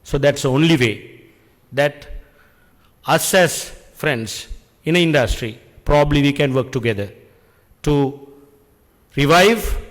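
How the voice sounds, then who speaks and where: Earnest Sri man in a reverberant hall. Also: a little high. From Sri Lanka. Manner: earnest, deliberate, rhetorical questions. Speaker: public speaker addressing an industry function. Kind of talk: speech at an event. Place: function hall.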